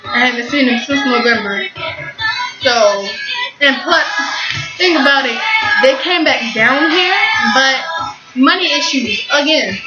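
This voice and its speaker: A teenage girl telling a rambling, excitable story with casual swearing. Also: high-pitched, a little slow, pauses often. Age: teens. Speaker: vlogger. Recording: echoey, muffled, loud music behind.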